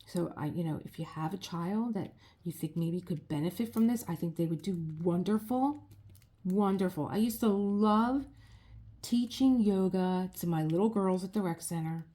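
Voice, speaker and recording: Middle-aged woman, mellow and slightly low, rambling heartfelt craft-vlog chat. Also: normal speed. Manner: rambling and heartfelt, many restarts. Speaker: crafting vlogger. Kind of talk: casual chat while crafting.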